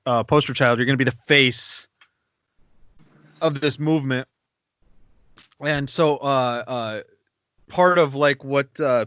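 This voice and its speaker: A man co-hosting a podcast in loose, rambling chat, full of swearing and asides. His voice is bright and forceful, and it sounds dry and close to the mic. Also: medium pitch, no echo. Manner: rambling, profane, laughs at his own stories. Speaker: podcast co-host. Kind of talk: casual podcast banter.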